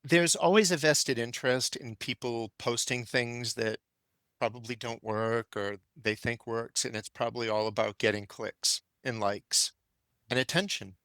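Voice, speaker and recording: A man's voice: medium pitch, unhurried, fairly bright tone, smooth, dry recording. Opinionated older male gardening expert. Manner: thoughtful, opinionated. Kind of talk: casual conversation.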